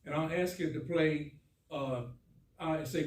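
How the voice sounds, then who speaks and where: A man's voice: fairly high pitch, measured pace. A man from the audience chatting casually about his evening, easygoing and rambling. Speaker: audience member. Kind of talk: casual chat. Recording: echoey hall, far from the mic, faint noise.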